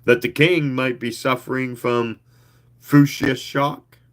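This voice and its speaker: A man reading a story aloud, voicing a poised and witty young woman who speaks clearly and calmly. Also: medium pitch, takes it slowly, voice pushed up. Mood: composed. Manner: cool, clear and punning.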